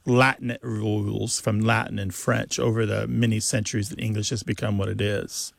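A man co-hosting a call-in show, explaining pronunciation to a caller in a measured, explanatory way. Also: on the low side, creaky, dry recording. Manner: explanatory, measured, animated when acting out quotes. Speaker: co-host of a language call-in show.

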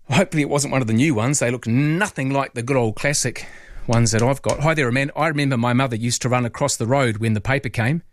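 Chatty New radio host, dry studio sound. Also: male voice, mid-range voice, no echo. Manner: chatty, amused, teasing. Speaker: radio host reading listener texts. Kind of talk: casual late-night radio chat. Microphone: studio microphone.

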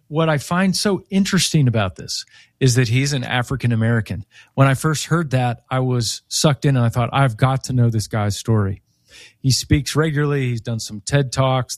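A man who is an author and guest on a faith radio show, telling stories in an animated way and acting out the quoted voices. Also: mid-range voice, no room sound, clean studio sound.

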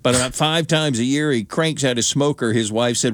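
A man reporting on fair food in a casual, lively on-air chat, telling stories with laughs. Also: medium pitch, fairly quick, no room sound. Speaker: news reporter.

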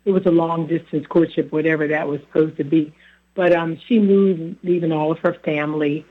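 A man's voice: a little high, steady tone, brisk. A man with a sore throat, a guest in a casual chat, earnestly telling family stories. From Philadelphia. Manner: storytelling, earnest. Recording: phone-like line.

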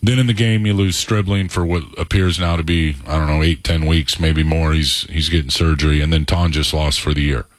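A man's voice: very deep voice, fairly even intonation, normal speed, few pauses, no echo. A middle-aged man chatting casually on sports radio as a football analyst, telling rambling, digressive stories.

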